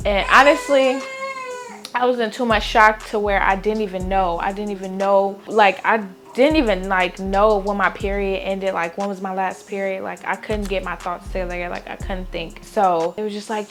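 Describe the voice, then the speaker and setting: A young woman tells a casual storytime vlog. She is chatty and animated, leaning on "like" and acting out what everyone said. Faint music plays softly behind her. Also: mid-range voice. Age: young adult. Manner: chatty, animated, many "like" fillers, acts out quotes. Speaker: vlogger.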